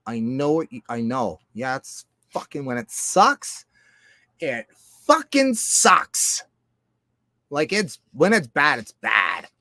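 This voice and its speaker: A man talking in a loose, profane, rambling monologue, jumping between loud outbursts and low mutters. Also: very animated, takes it slowly, no echo. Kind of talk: casual monologue.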